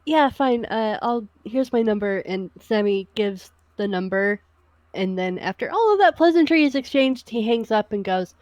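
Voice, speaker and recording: A woman in a tabletop role-play, narrating her character's actions casually in the third person. Her voice sits at a middle pitch. It is recorded dry, with no room sound. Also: animated, moderate pace, a little mellow, no room sound, dull audio. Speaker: player.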